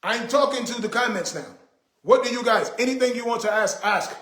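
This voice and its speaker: A man's voice: very high voice, fairly quick, fairly bright tone, roomy sound. A man hosting a casual livestream, talking to viewers in an emphatic, repetitive, indignant way. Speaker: livestream host.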